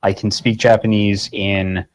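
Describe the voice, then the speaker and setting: A man's voice: on the low side, little pitch movement, measured pace, low-quality recording. Casual, swearing voice-actor man. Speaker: guest voice actor and game master. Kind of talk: casual interview talk.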